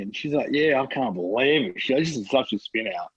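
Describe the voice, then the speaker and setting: A man in his thirties with an Australian accent, telling stories in a relaxed podcast chat, swearing freely and laughing often. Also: medium pitch, brisk, hardly any pauses, breathy edge, no room sound, highs cut off. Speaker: podcast guest. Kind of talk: casual chat.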